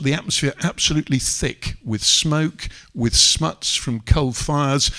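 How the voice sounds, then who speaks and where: A man giving a wry, measured talk on stage with slides, pausing often to find his words. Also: medium pitch, gravelly, fairly bright tone. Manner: wry and measured, with frequent hesitations. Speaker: guest speaker at a public talk. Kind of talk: lecture with slides. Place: live event venue.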